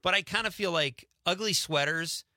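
An upbeat man hosting a radio show, talking in a bright, forceful voice. He chats casually and laughs easily. The studio sound is dry and close. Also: high voice, no room sound. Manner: upbeat, chatty, quick to laugh. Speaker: radio host.

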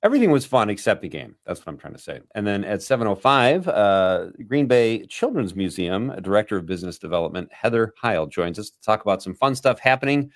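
A male radio host with a fairly low voice that moves a lot in pitch, chatting playfully. His delivery is animated and jokey, recorded close and dry in a studio. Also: brisk, hardly any pauses, no room sound. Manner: playful, joking, laughs easily. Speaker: radio talk show host. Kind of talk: casual radio talk show chat.

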